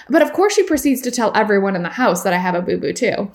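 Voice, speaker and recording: A woman's voice: medium pitch, big pitch swings, fast talker. Chatty woman podcast host. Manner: chatty, filler-heavy, laughs while telling stories. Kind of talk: casual chat, storytelling.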